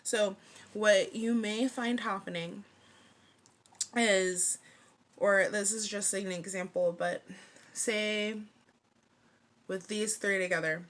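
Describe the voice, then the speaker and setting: Taking it slowly with frequent pauses, a woman in her thirties gives a casual tarot reading to camera in a steady, mid-range voice. Playful and chatty, she fills her speech with "like," drops playful slang, and laughs a lot.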